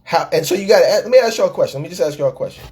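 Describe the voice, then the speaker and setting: A man's voice: high voice, animated, racing, darkish tone, slightly rough. A middle-aged man, a podcast host and life coach, delivering a live-taped monologue in a preachy storytelling way, repeating words and acting out the people he quotes.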